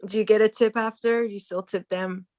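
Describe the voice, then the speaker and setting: A woman chats in an easygoing way, acting out what others said as she tells her stories. Her voice sits at an ordinary middle pitch. The sound is close and dry, with no room in it. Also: fairly even intonation, moderate pace, darkish tone, no echo. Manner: easygoing storyteller, acts out quoted lines. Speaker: podcast host. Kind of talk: casual chat.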